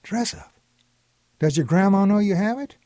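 A man voicing a patient, gently teasing older grandfather who talks in a folksy, coaxing way. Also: fairly high pitch, expressive, a little slow, no room sound, studio quality. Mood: alarmed.

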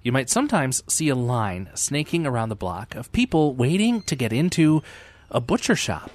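A man reading scripted documentary narration in a clear, measured delivery. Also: medium pitch, big pitch swings, dry recording.

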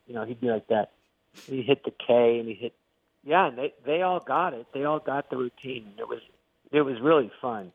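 An older man, a comedian being interviewed, telling stories in an animated way and acting out the voices he quotes. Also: medium pitch, a little fast, no room sound. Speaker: guest comedian. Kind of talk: interview storytelling. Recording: tinny phone-like line, dry.

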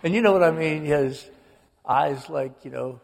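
A gravelly man in his sixties from the American South, telling family stories with relish as a radio interview guest. His voice sits a little high for a man and carries a long reverb. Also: normal speed. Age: 60s. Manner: animated storyteller, slips into quoted voices. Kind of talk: storytelling interview.

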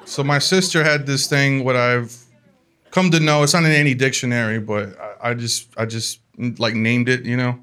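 A man telling a comic family story in an animated way, laughing along as he talks. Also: mid-range voice, normal speed, clean tone. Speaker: comedian. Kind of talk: comedic storytelling.

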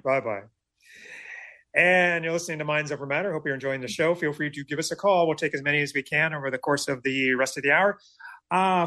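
A man hosting a call-in radio quiz show, taking calls and keeping them moving in a brisk way. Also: fairly high pitch, sharp tone. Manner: brisk, takes charge of calls.

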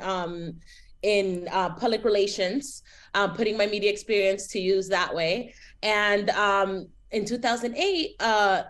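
A woman in her forties from Miami, with a Miami accent, chatting as a guest in an interview with lots of fillers. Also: medium pitch. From Miami, United States. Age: 40s. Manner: chatty and animated, with many fillers. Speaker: TV writer, guest.

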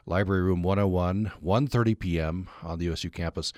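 A man with a Utah accent hosting a radio interview, relaxed and conversational with many fillers. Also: sits low, fairly quick, no room sound, studio quality. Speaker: radio host. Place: radio studio. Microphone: studio microphone.

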